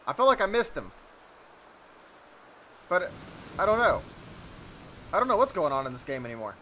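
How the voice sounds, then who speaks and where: A young man giving jokey, excitable commentary over a game he's playing, often yelping in surprise. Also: sits high, normal speed, a little hiss or hum. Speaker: let's play host. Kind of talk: gameplay commentary.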